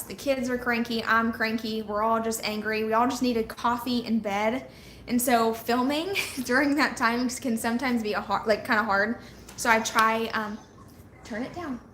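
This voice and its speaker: Young woman chatting live with viewers, bright higher voice, laughs easily, echoey room. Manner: chatty, laughs often while telling stories. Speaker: vlogger on a live hangout. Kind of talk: casual chat with viewers. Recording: echoey room with faint noise.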